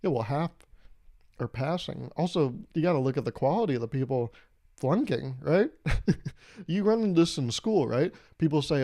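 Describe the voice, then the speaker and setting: A man's voice: on the high side, lively intonation, normal speed, mellow. A young man hosting a solo podcast, riffing in a wry, rambling way and acting out little scenes. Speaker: podcast host. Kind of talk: solo comedic monologue.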